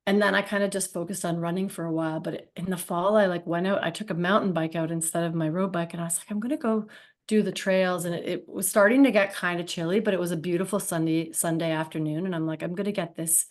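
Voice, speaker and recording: A woman's voice: fairly low pitch, fairly even intonation, quick pace, few pauses. A woman in her thirties, a podcast guest, telling a story in a chatty, rambling way with many likes and ums. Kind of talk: casual storytelling.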